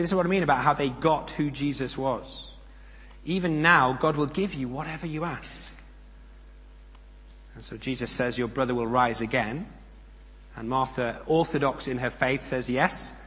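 A man's voice: medium pitch, a bit bright. Man preaching in a reverberant hall. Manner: measured, emphatic delivery with pauses and rhetorical questions. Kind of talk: sermon. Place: church. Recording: long reverb of a church hall.

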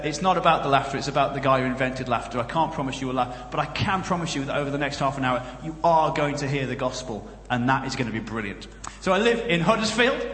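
A man with a Northern English accent preaching a comic sermon, telling jokey stories with lively asides. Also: fairly high pitch, reverberant, long reverb tail, a little hiss or hum. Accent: generic Northern English. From Northern England. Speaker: guest preacher and comedian. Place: church.

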